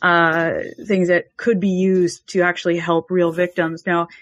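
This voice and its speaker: A woman's voice: fairly low pitch, little pitch movement, a little slow, no echo. Earnest, hesitant woman from Canada. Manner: earnest, hesitant, searching for words. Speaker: podcast regular. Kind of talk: casual podcast discussion.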